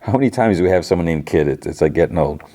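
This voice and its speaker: A man's voice: deep voice, lively intonation, rapid-fire, dark tone. A man hosting a podcast, casually recapping a TV episode in a loose, filler-heavy way. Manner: rambling, filler-heavy retelling with many "like" and "you know". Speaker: podcast host.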